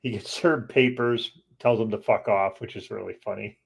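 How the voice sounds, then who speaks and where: A man co-hosting a podcast in casual chat, animated, swearing freely and laughing as he talks. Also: fairly low pitch, moderate pace, vocal fry, slightly rough. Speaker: podcast co-host.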